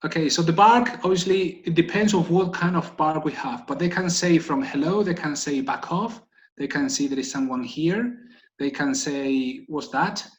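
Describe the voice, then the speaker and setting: A man's voice: on the high side, normal speed, rough recording. A man leading an online meeting for guide dog volunteers, talking casually and checking in with the group after almost every point. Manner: chatty, keeps checking in with "okay?". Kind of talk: casual instructive talk on a video call. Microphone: video call.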